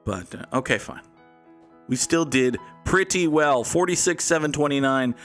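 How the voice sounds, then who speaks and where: A man's voice: fairly high pitch, animated, normal speed, a bit bright, faint music behind. A man hosting a live game stream in a casual, playful way, joking around and answering his chat. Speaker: streamer and host.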